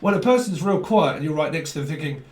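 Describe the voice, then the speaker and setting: A man giving a casual, rambling tarot reading, animated and full of slang and swearing. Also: a little high, fast talker. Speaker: tarot reader. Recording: roomy sound from a mic at a distance.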